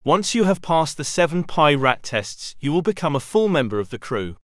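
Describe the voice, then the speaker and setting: A man puts on a gruff, solemn male animal pirate captain, stern but quietly protective. His voice rises and falls with lively pitch, and the storybook recording sounds close and dry. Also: moderate pace, no echo. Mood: resolute.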